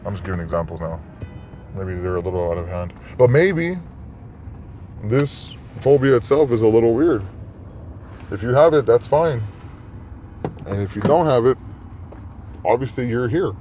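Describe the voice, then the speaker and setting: A man's voice: fairly low pitch, moderate pace, pauses often, dark tone. A man hosting a podcast alone, rambling casually and talking straight to his listeners. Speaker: podcast host. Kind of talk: casual solo monologue. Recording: muffled lo-fi recording, faint noise.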